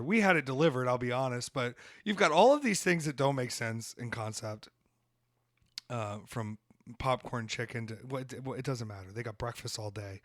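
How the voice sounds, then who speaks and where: A man from the American South tells a rambling story on his podcast, animated and unfiltered, with a swear here and there. His voice sits in an ordinary middle pitch. The sound is close and dry, with no room around it. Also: a little fast, no room sound. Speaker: podcast host. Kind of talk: casual storytelling.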